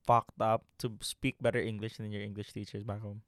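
A man's voice: on the low side, little pitch movement, brisk, dry recording, clean studio sound. A young man from the Philippines with a slight Filipino accent, co-hosting a casual podcast chat, joking and swearing freely. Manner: joking, swearing, laughs often. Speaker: podcast co-host.

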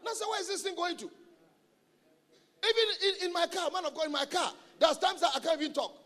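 High-voiced man preaching in a reverberant hall. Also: quick pace. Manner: animated, humorous, repeats key phrases. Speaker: guest preacher. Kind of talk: sermon. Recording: long reverb of a large hall.

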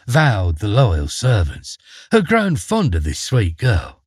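A man narrating a fairy tale with dramatic, expressive delivery. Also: fairly low pitch, slow, husky, no room sound, studio quality. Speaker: storyteller. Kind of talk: storybook narration.

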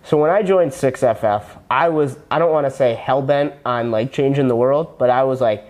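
A man's voice: mid-range voice, normal speed, darkish tone. Earnest young man with rambling restarts. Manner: rambling with many restarts, earnest, acts out quoted dialogue. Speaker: guest, former personal trainer turned copywriter. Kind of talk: casual podcast conversation.

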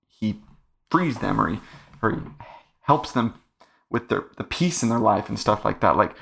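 Earnest young man with gravelly voice. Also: lowish voice, fairly bright tone. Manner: earnest, rambling with many "like" fillers. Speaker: podcast host. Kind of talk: casual faith podcast monologue.

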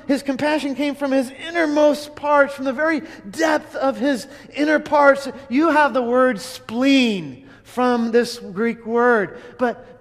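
A man preaching a dramatic sermon, telling it in first person as an eyewitness, earnest, with restarts and emphatic repeats. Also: very high-pitched. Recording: long hall reverb.

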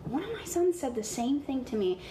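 A woman voicing a mysterious, calmly menacing woman who knows everything about everyone, in a tabletop game. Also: high-pitched, fairly quick, pitched above the performer's own voice. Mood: ominous. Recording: echoey room, faint noise.

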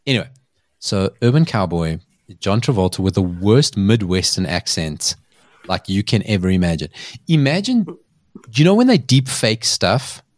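A man's voice: fairly low pitch, very animated, normal speed, no room sound, studio quality. A man hosting a podcast, telling a story in a chatty way and laughing often. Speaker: podcast host. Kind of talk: casual chat.

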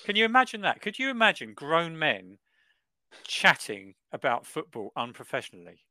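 A man co-hosting a football podcast, ranting in an exaggerated, animated way. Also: on the high side, normal speed, no room sound. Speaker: podcast co-host. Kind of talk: casual football chat.

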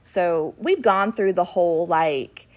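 A middle-aged woman co-hosting a podcast, chatting and telling lively family stories about her kids in an animated way. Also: fairly low pitch, takes it slowly. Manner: animated, acts out her kids' voices when retelling. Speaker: podcast co-host and ministry worker. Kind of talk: casual chat with storytelling.

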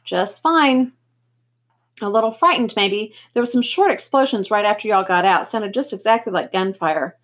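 A woman doing a kind, calming grown man. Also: mid-range voice, normal speed, natural voice. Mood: reassuring. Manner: gentle, reassuring, occasional slips. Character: kindly adult man, calm and reassuring. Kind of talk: reading a novel aloud.

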